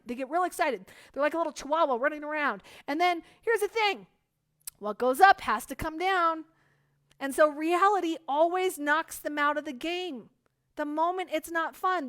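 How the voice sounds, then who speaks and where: High-voiced, energetic woman coaching sellers. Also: a little slow. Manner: energetic, acts out hyped voices, many "like" fillers. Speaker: business coach. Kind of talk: motivational teaching talk.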